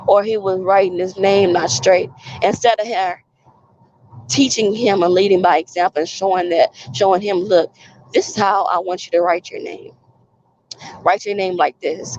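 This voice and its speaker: A woman's voice: on the high side, lo-fi sound. A woman vlogger talking in an earnest, preachy way, repeating phrases for emphasis. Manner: preachy, cites scripture. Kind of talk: casual spoken monologue.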